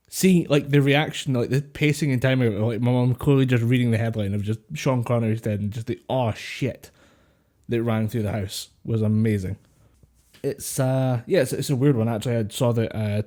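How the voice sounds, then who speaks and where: A man co-hosts a casual podcast over an online call, his voice mellow and relaxed. He rambles through stories, swears freely and breaks into laughter often. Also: medium pitch. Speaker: podcast co-host. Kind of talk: casual chat. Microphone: home mic over online call.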